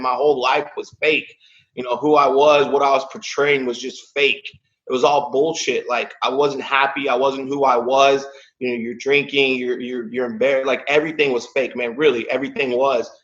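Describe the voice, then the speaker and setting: A man's voice: medium pitch, a bit bright, highs cut off. Emotional man in his thirties telling his story. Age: 30s. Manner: casual, emotional, peppered with "man" and "like". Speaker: podcast guest.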